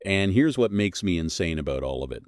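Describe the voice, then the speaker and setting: A man's voice: low voice, very animated, brisk, no echo, clean studio sound. A man delivering a scripted commentary monologue, blunt and scornful, leaning hard on single words. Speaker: commentary host.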